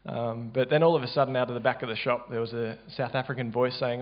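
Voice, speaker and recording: An Australian man recounts a church testimony in a loose, halting way, restarting often and filling pauses. His voice sits at an ordinary middle pitch, and the recording sounds dull and low-fidelity. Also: fairly even intonation. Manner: casual, halting, many fillers and restarts. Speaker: church member sharing a testimony.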